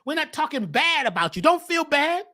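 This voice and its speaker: A man hosting a spiritual talk show, preaching with fire, shouting at times and then dropping to a hush. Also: very high-pitched, sing-song, moderate pace. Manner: preachy, swings from shouting to hushed. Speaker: host.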